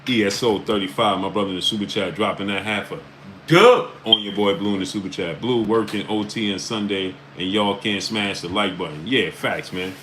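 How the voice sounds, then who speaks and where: On a casual live stream, a Brooklyn man with a New York accent reads out viewer names with quick hellos, talking bluntly and with emphasis. His voice sits fairly low and steady, and there's noise in the background.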